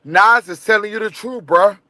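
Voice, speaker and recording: A man's voice: high-pitched, moderate pace, bright, forceful tone, dry recording. A man, arguing football emphatically as a podcast co-host. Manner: emphatic, insistent. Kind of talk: heated sports podcast talk. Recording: dry close audio.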